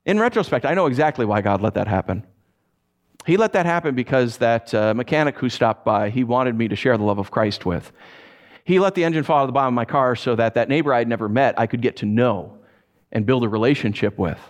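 Animated storytelling pastor, a man. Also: mid-range voice, brisk. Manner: animated storytelling, acts out his own frustrated voice. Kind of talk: sermon.

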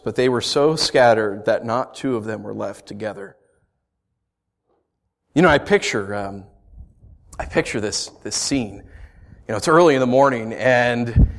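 A man preaching a sermon, animated and acting out the story in voices. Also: mid-range voice. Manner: animated, acts out the scenes in voices. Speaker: pastor.

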